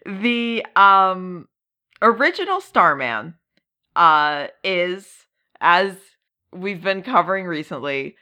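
A woman co-hosting a relaxed chat podcast, speaking slowly with a bright, clear tone. She laughs often and pauses with plenty of ums. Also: medium pitch. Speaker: podcast co-host. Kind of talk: casual chat.

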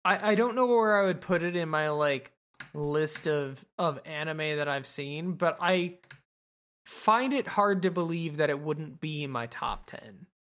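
A woman's voice: sits low, a little slow, a bit bright. A woman podcast host casually recapping an anime episode, rambling and swearing with lots of fillers.

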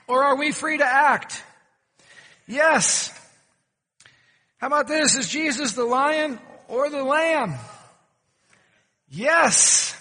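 A man's voice: extremely high pitch, sharp tone, big-room sound. A pastor preaching a sermon, questioning his congregation and telling folksy jokes. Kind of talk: sermon with humorous stories. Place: church sanctuary.

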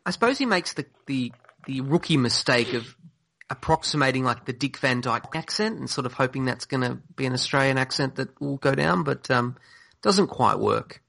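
Gravelly-voiced man guesting on a podcast. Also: mid-range voice, lively intonation, normal speed, fairly bright tone. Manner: giggly, self-deprecating. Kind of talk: casual podcast chat.

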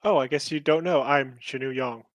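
A man's voice: mid-range voice, moderate pace. A man playing a tabletop game, speaking in character with a wry manner. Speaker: player.

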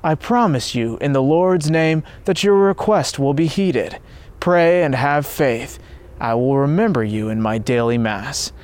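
List: a man as a priest, calm, firm, measured, solemn, storybook reading. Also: on the high side. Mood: assuring.

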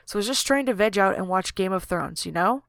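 A woman's voice: mid-range voice, expressive, fast, gravelly, no room sound, studio quality. A woman voicing a foul-mouthed young chat user who rants heatedly in a chat log reading. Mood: ranting. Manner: swearing, heated ranting.

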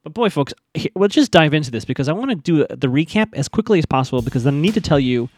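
Male podcast host, lively swooping delivery, dry close sound, chatty recap. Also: on the high side, fast talker, no room sound. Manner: chatty, animated, acts out quotes. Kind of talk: casual recap commentary.

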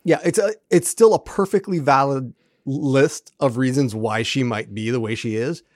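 A man co-hosting a podcast in casual chat, animated and profane, acting out lines from the episode. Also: mid-range voice, moderate pace, no room sound, clean studio sound. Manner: animated, profane, acts out quoted characters. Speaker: podcast co-host.

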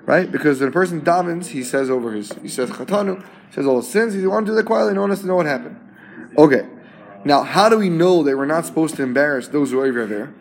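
A man's voice: on the high side, animated, quick pace. A man teaching a Talmud class. He translates each term phrase by phrase and often checks in with his students.

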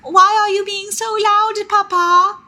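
A woman voicing a small, wide-eyed, anxious boy in a high, childish British voice. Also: flat delivery, measured pace, pushed and bright, full character voice. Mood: whiny.

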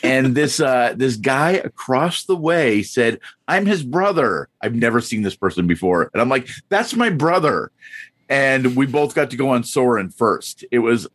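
A man's voice: medium pitch, moderate pace, few pauses, a bit bright, dry recording. A man, a podcast guest, telling anecdotes in casual chat with lots of "uh" and "like.". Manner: chatty, lots of fillers.

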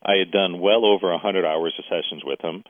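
Low-voiced man telling a story over a phone line. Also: brisk, no echo. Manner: animated storyteller, quotes others in dialogue. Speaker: guest. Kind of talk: casual interview storytelling.

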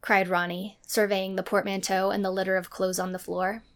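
Gravelly woman narrating a novel. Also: mid-range voice, flat delivery, normal speed. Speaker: reader and co-host. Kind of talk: reading a novel aloud.

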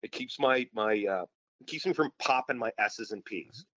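A man telling a story as a podcast guest, excitable and loudly acting out the lines he quotes. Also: medium pitch, moderate pace, no echo, lo-fi sound. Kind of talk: animated storytelling in casual chat.

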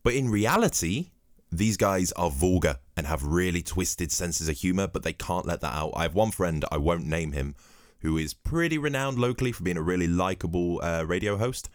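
A man's voice: low-pitched, expressive, moderate pace, dry recording, clean studio sound. A man hosting his own podcast, telling rambling, cheeky, profane stories while he drinks at his home microphone. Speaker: podcast host. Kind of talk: comedic podcast monologue.

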